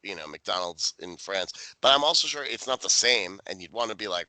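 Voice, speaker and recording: A man's voice: sits low, lively intonation, fairly quick, hardly any pauses, bright, forceful tone, no echo, rough recording. A man co-hosting a podcast, recapping a TV episode in casual chat, swearing and jokingly acting out the characters' lines. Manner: profane, jokey, acts out characters' lines. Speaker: podcast co-host.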